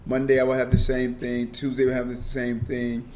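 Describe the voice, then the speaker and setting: A man's voice: mid-range voice, completely flat delivery, a little fast, a little mellow, slight background noise. A middle-aged man talking earnestly as a guest in an interview, often repeating a word as he starts a sentence. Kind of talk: casual conversation.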